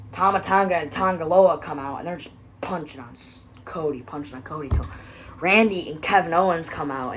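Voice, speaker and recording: A woman casually recapping a wrestling episode, rambling and excitable, with quiet muttered asides. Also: low-pitched, slight background noise, rough recording.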